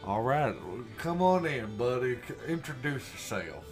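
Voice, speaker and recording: A man's voice: mid-range voice, sing-song, measured pace, soft background music. A man co-hosting an improvised comedy bit, easygoing and playful. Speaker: comedy co-host.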